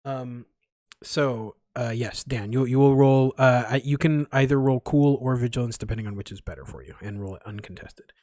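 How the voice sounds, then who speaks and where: A man narrating as game master of a tabletop game, halting with many fillers and restarts. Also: medium pitch, mellow, dry recording, clean studio sound.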